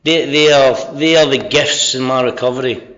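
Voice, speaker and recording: A man's voice: medium pitch, normal speed, a bit bright. A middle-aged Scottish man with a Scottish accent giving a candid, sweary, self-mocking personal share about recovery at a convention. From Scotland. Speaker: speaker sharing recovery story at a convention. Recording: dull lo-fi convention recording.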